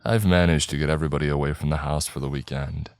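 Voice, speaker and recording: A man narrating a horror story in a slow, measured storytelling voice. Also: extremely low pitch, fairly even intonation, no room sound. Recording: dry close mic, faint background music.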